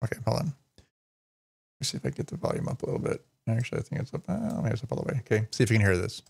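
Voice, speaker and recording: A man's voice: on the low side, racing, creaky, darkish tone. A man hosting a live stream, casually reading a news story aloud, rambling and stumbling over names, sometimes swearing. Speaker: streamer host.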